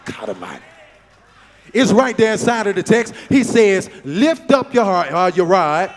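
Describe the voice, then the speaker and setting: A man preaching a sermon as pastor, repeating phrases and calling on the congregation to answer, building up to shouts. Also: high-pitched, big pitch swings, unhurried. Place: church sanctuary. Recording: church hall reverb with faint music.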